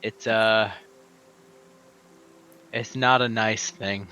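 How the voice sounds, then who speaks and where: A man at a tabletop game talks slowly in a fairly low voice with a bright edge. He keeps everything understated and deadpan. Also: clean tone, muffled recording. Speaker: player.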